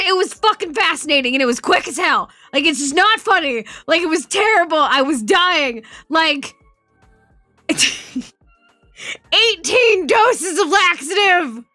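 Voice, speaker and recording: A woman streamer chatting casually, telling a story in an animated, swearing way and laughing often. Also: very high-pitched, moderate pace, no room sound, soft background music. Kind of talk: casual chat.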